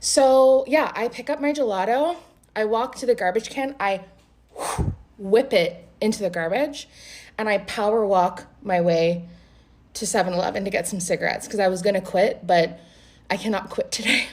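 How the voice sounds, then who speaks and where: A young adult woman vlogger telling a casual story in a blunt, animated way, swearing freely. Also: medium pitch, normal speed.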